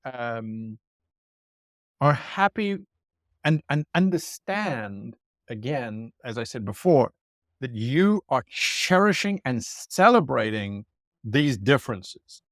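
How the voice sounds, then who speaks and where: A man answering as a guest game master, telling stories in a lively way and acting out quoted remarks. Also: medium pitch, slow, no echo, studio quality. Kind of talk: conversational interview answer.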